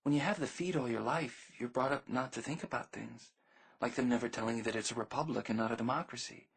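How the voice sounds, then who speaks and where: A man reading an audiobook, voicing an earnest, thoughtful teenage girl with a soft, gently lecturing manner. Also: medium pitch, quick pace, vocal fry, slightly rough. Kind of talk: audiobook character voice.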